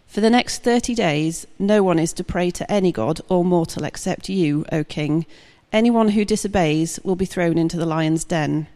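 A woman's voice: on the low side, warm tone, big-room sound, natural voice. A woman reading scripture aloud, voicing a group of scheming male court conspirators in a plain, lightly voiced way.

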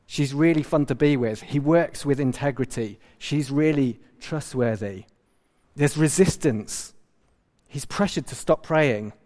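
A man giving a casual sermon, speaking in a halting way with frequent restarts. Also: mid-range voice, a little mellow, long reverb tail. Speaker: preacher.

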